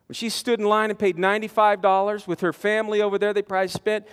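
A man preaching a storytelling sermon, animated, with stammering restarts, swinging from loud to hushed. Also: sits high, fast talker, clear, resonant tone. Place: large conference hall. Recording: long reverb of a conference hall.

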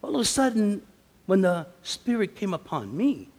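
A middle-aged man with a fairly high, gravelly voice preaches at a conference. He tells his stories with energy and acts out the lines he quotes. His voice rings with the long reverb of a large hall. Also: normal speed. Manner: animated storytelling, acts out quotes. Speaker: conference speaker. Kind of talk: sermon.

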